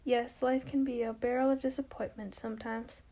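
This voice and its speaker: A woman's voice: fairly high pitch, level tone, moderate pace, warm tone, lightly acted, rough recording. A woman voicing a tired, dry, plain-spoken young wife in an amateur play reading. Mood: sympathetic.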